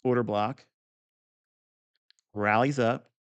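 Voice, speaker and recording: A man with a gravelly, slightly fried voice at an average pitch, teaching a live trading lesson. He is blunt and profane, drifts into digressions and talks straight to the viewer. He hammers points home by repeating them. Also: fairly even intonation, slow pace, highs cut off. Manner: repeats key points for emphasis. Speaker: trading educator. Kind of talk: live market review lesson.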